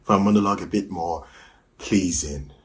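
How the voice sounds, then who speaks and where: Man, low voice, monologue, deliberate storytelling, dramatic pauses. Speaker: actor. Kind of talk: performed comic monologue.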